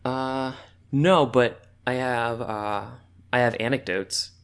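Male podcast co-host, chatty storyteller, fillers galore, mid-pitched voice. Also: slow pace, clear, resonant tone. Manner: rambling, animated storytelling with frequent fillers and laughs. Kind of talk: casual chat.

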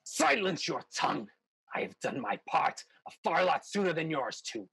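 A man's voice: on the high side, sing-song, moderate pace, vocal fry, bright, forceful tone, breathy edge, no room sound, full character voice. Man voicing a haughty, scornful woman. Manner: haughty, dismissive.

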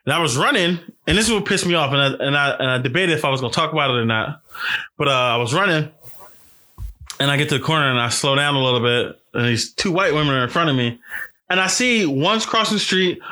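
Animated, bright-toned male podcast host. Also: medium pitch, fairly quick. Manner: animated storyteller with profanity and frequent restarts. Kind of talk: casual podcast chat.

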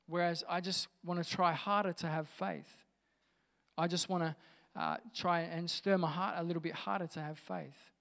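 A male pastor preaches in a relaxed, conversational tone, with a fairly high voice. Long reverb from a church hall trails his words. He drops in casual asides as he talks. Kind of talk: sermon.

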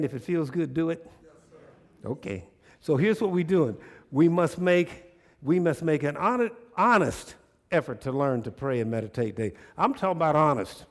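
A male pastor delivers a sermon to his congregation in church, with a voice that sits a little higher than most men's. His manner is folksy and conversational. He keeps turning to the congregation with rhetorical questions.

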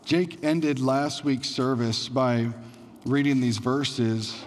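A man's voice: medium pitch, slow pace, long reverb tail. A man preaching a sermon as pastor, in a conversational style with frequent fillers.

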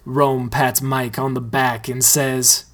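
A man reads a comedic story aloud in a slow, deadpan manner. His voice sits at a middling pitch, and his delivery is unhurried. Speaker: story reader.

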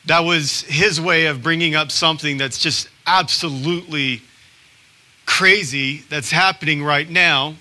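A man's voice: on the high side, steady tone, unhurried, sharp tone. A man preaching a sermon as pastor, telling stories in a conversational, self-deprecating way and acting out quotes.

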